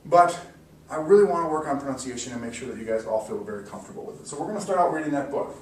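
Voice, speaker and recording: A man giving an encouraging mock classroom lesson, slowly sounding out words for students. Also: mid-range voice, expressive. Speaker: teacher. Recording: echoey room, distant mic, faint hiss.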